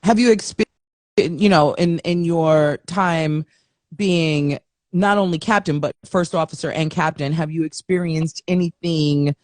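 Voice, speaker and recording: A woman's voice: deep voice, measured pace, a little mellow, dry recording, studio quality. A woman hosting a casual interview over a video call, talking in a playful, teasing way. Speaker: host.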